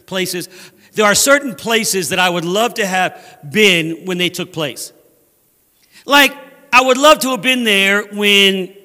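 Guy preaching in a church, really high bright voice, big hall echo. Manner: animated, acts out scripture voices, laughs at own jokes. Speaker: guest preacher. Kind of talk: sermon. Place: church sanctuary.

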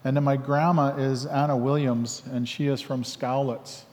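A man telling his personal story in a reflective, halting way with many fillers, acting out both sides of remembered conversations. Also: mid-range voice, level tone, darkish tone, in a large hall. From Canada. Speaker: speaker sharing his life story.

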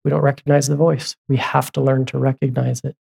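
A pastor preaching a sermon in a conversational way, asking the congregation question after question and breaking off for asides and quick corrections. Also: medium pitch, level tone, vocal fry, darkish tone, slightly rough. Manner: asks the congregation repeated questions.

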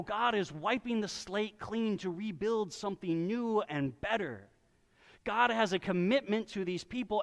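A man preaching a sermon, telling a story and briefly voicing the people in it. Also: high voice. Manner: storytelling, with quick voiced asides for people in the story. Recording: reverberant hall.

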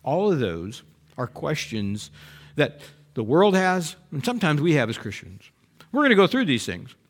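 A man's voice: mid-range voice, moderate pace. A man preaching a sermon as pastor, talking to the congregation and acting out heartfelt prayers and complaints to God. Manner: expressive, acts out voiced prayers and complaints.

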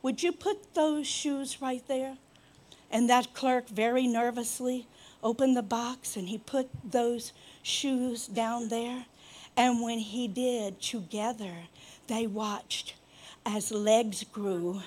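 A woman's voice: fairly high pitch, takes it slowly, a little mellow. A woman preaching a sermon, telling a healing story with teasing asides and growing fervor.

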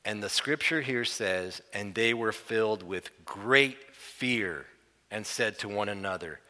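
A man preaching a sermon, telling a Bible story in a lively way and acting out the characters' panic. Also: fairly low pitch, a little slow, in a large hall. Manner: animated storytelling, acts out the disciples' panic.

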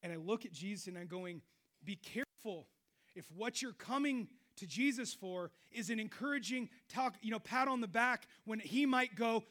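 A middle-aged man preaching a sermon, animated, swinging between loud exclamations and quiet low stretches. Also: moderate pace. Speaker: pastor.

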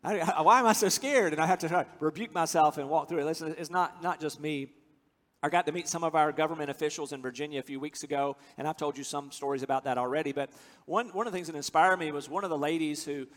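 A man from the United States preaching a sermon, earnest and emphatic, slowing down to stress key phrases. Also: on the high side, steady tone. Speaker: pastor. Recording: long hall reverb.

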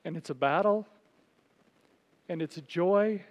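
A man preaching a sermon as pastor, telling a story and dropping to a soft, quiet voice for quoted words. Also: high-pitched, unhurried, highs cut off. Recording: long reverb of a large hall.

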